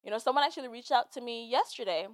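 A woman's voice: on the high side, quick pace, no echo. A woman hosting a solo podcast, talking in a casual, chatty rant full of "like"s. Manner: chatty and animated, many "like"s and frequent laughs. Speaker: podcast host.

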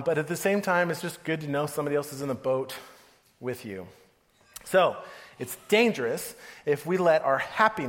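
A man's voice: a little high, fairly bright tone. A man in his thirties giving a casual, joking sermon, often laughing as he talks. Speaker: pastor. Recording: long hall reverb.

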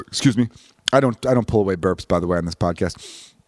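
Fast-talking, swearing podcast host man. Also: low voice, dry recording. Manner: rambling, profane storytelling with many restarts. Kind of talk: casual podcast chat.

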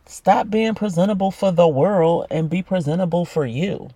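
A man's voice: high voice, normal speed, mellow, no echo. A man giving a blunt, swear-filled motivational monologue about self-love, talking straight to the listener. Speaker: self-help podcaster.

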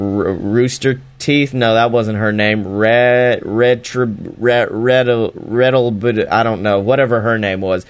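A man casually recapping a wrestling show, profane and sarcastic, often slipping into mocking voices. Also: medium pitch.

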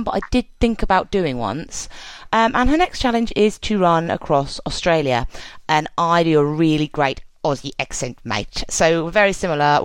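A woman's voice: on the low side, clean tone, no room sound, low-quality recording. A woman hosting a podcast, chatting in a loose, joking, rambling way with lots of fillers. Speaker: podcast host. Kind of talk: casual podcast interview.

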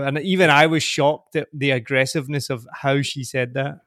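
A man in his thirties from Glasgow with a soft Scottish accent, chatting as a guest on a podcast. He talks in an upbeat way, laughs often and repeats words as he starts sentences. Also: medium pitch, flat delivery, moderate pace, no echo, clean studio sound. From Scotland. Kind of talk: casual interview chat.

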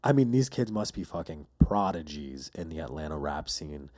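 A man's voice: rumbling low, lively intonation, normal speed, a little mellow. A man hosting his own podcast, telling stories in a rambling, profane, casual way. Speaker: podcast host. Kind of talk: casual solo podcast monologue.

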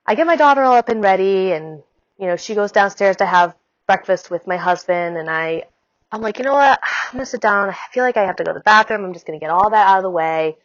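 A woman in her thirties casually recounting giving birth, chatty and quick, full of "like" asides. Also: medium pitch, dry recording, highs cut off. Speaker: mother telling her birth story. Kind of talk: casual storytelling.

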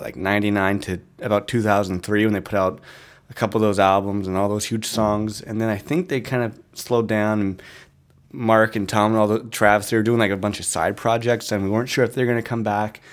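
A man's voice: on the low side, steady tone, fairly quick. A man hosting a music podcast, talking in a rambling, chatty and easily amused way. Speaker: podcast host. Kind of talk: casual chat.

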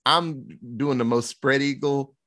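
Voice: medium pitch, a little slow, fairly bright tone. A podcast host in casual movie-review chat who jokes, acts out quotes and swears freely.

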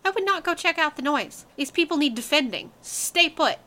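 A woman's voice: high voice, lively intonation, normal speed, pushed and bright. A woman chatting casually while watching a horror movie, blunt and swearing freely, often laughing. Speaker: co-host reacting to a film. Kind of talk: casual movie-reaction chat.

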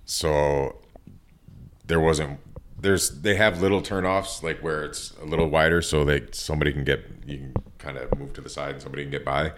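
A man with an extremely low, rumbling voice tells stories in a casual interview. He swears freely and acts out the people he quotes. He is in his thirties and works as a tattoo artist. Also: moderate pace, slight background noise. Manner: profane, animated storyteller acting out quotes.

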